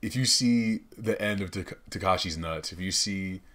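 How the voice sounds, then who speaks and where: A man's voice: low voice, normal speed, fairly bright tone. A man hosting a comedic podcast monologue, rambling, swearing a lot and laughing often. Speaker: podcast host. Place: studio.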